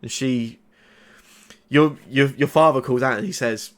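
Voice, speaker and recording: A male game master narrating a tabletop role-playing game. He talks in a halting way, often restarting his sentences. His voice sits at an ordinary middle pitch.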